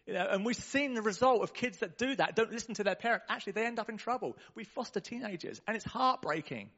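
High-voiced lively preacher man. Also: lo-fi sound. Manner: animated, conversational preaching with exclamations. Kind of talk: sermon. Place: church.

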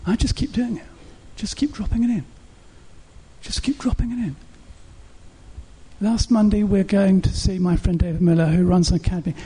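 A man preaches from the pulpit, his voice pitched notably high yet mellow and soft in tone. A heavy huskiness runs through every phrase as he stacks up rhetorical questions, earnestly urging his congregation. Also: fairly even intonation, normal speed, husky. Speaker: pastor. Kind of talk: sermon.

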